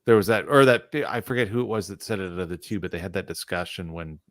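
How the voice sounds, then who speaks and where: A man with a very deep voice chats casually, rambling a little and hunting for the right words. The recording is dry and close. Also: fast, a bit bright, no echo. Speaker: co-host. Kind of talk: casual chat.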